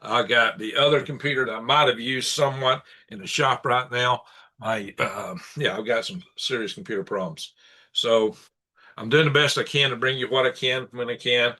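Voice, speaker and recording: A man hosting his own live stream, his voice bright and forward. He talks in a loose, rambling way, venting his aggravation between small chuckles. It sounds like casual, off-the-cuff commentary into a computer setup. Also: medium pitch, steady tone, moderate pace. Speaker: live-stream show host. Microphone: computer setup for live broadcast.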